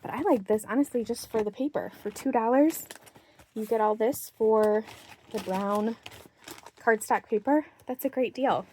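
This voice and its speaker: A woman's voice: fairly high pitch, normal speed. Young woman vlogger, chatty bargain show-and-tell, a bit breathless, faint noise and crinkling packaging behind her. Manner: chatty, excited about bargains, reads out prices. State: slightly out of breath. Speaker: craft haul vlogger. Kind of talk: casual show-and-tell haul.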